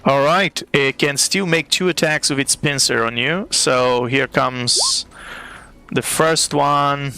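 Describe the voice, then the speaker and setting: Bright, clear-voiced male game master. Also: fairly high pitch, animated, soft background music. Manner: unhurried, with many fillers and restarts. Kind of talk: narrating a tabletop game.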